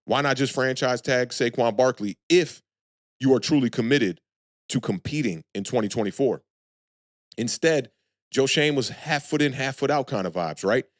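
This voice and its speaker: A man hosting a live sports talk stream, talking loosely and frankly to chat viewers and shouting them out. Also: medium pitch, normal speed, no room sound, clean studio sound. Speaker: sports channel host.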